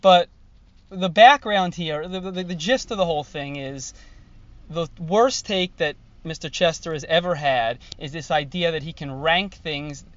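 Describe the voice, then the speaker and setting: A man's voice: a little high, unhurried, fairly bright tone, highs cut off. A man with a New York accent, a podcast guest who jokes and cracks wise in casual chat. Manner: joking, wisecracking.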